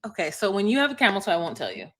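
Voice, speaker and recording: A woman's voice: medium pitch, big pitch swings, rapid-fire. A woman co-hosting a casual recap podcast, wry and sceptical as she sums up episodes. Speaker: podcast co-host.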